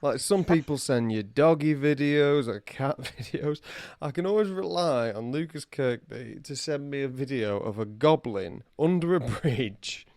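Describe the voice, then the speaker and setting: A man's voice: medium pitch, animated, measured pace, darkish tone, no room sound, studio quality. A man co-hosting a casual podcast, telling anecdotes and chuckling as he goes. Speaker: podcast co-host. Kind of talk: casual chat.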